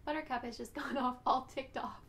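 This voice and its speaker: Breathless, she talks fondly and loosely to the camera about her rescue dogs, occasionally cooing at them. Her voice sits high and a bit bright, with a steady tone and a slightly fast pace.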